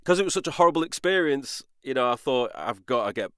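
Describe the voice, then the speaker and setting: A man's voice: mid-range voice, lively intonation, fast talker, clear, resonant tone, no echo, studio quality. A man, a podcast co-host and voice actor, telling a candid personal story in a casual, self-deprecating way. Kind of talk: casual chat, personal anecdote.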